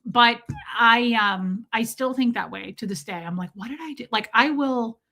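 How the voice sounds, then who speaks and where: A bright, fairly high-voiced woman in her forties hosts a casual livestream. She tells personal stories with animated energy and stops to read out and thank viewer comments. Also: a little slow. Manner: animated, storytelling, reads viewer comments aloud. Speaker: livestream host.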